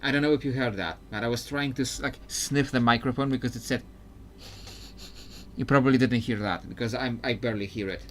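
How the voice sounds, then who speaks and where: A man's voice: mid-range voice, a little fast, a bit bright, slight background noise. A man streaming live gameplay commentary, chatty and thinking aloud with frequent fillers. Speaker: streamer playing a video game.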